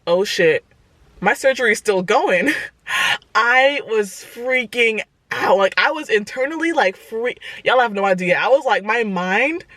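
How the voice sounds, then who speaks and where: Young woman in her twenties, chatty storytime vlogger, lively and exclamatory, dry close sound. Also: mid-range voice, no room sound. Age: 20s. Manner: animated, exclaims to viewers as "y'all". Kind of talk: casual storytime.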